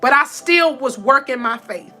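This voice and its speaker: A woman's voice: high-pitched, expressive, moderate pace, sharp tone, faint music behind. A woman hosting a faith-based motivational livestream, telling a personal testimony, calling her viewers y'all, emotional and close to tears. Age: adult with four sons.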